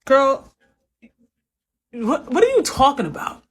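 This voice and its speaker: Animated, high-ish New woman host, sassy roast commentary. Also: moderate pace, pauses often, slightly rough. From New York, US. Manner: teasing, sassy, laughs between jabs. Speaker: reaction video host.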